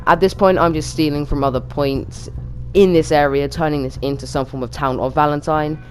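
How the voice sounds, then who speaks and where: A man's voice: on the high side, fairly even intonation, faint music behind. A man narrating his game build in a casual, chatty way, with lots of fillers and restarts. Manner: chatty, quick, with many fillers. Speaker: YouTuber narrating a build challenge. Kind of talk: casual gaming commentary.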